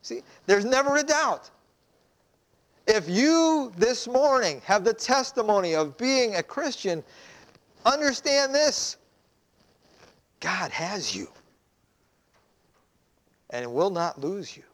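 High-voiced man preaching a sermon. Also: big pitch swings, slow, pauses often, fairly bright tone. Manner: conversational preaching with rhetorical questions. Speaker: pastor.

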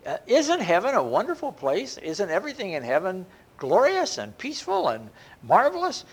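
Older male preacher, lively rising-and-falling sermon voice. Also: high-pitched, normal speed, husky. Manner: lively, rising and falling delivery with frequent restarts.

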